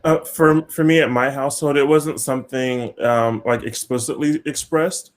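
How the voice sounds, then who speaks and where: A young man speaks on a panel discussion at a medium pitch. His answer is measured and reflective, with a few pauses to find his words. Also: steady tone. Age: young adult.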